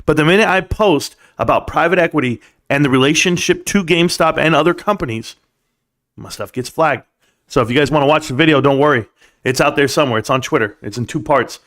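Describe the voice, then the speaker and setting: A man's voice: fairly high pitch, a little fast, a bit bright. Man ranting to his stream viewers. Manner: rambling, emphatic, addresses viewers directly. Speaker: stock market live streamer. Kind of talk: casual live stream talk.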